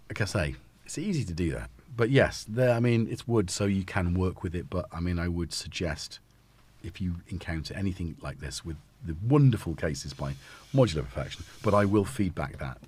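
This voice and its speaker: A man's voice: deep voice, big pitch swings, a little fast, darkish tone, breathy edge. A man hosting a casual live stream, talking in a rambling, self-interrupting way while he fits synth modules into a case. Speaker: host.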